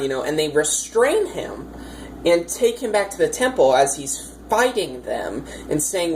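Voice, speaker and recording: Woman game master, low voice, chatty and rambling, faint hiss on the track. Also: big pitch swings, unhurried, a little mellow, low-quality recording. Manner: chatty, rambling, many fillers, amused. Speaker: dungeon master. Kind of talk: casual storytelling of a tabletop campaign.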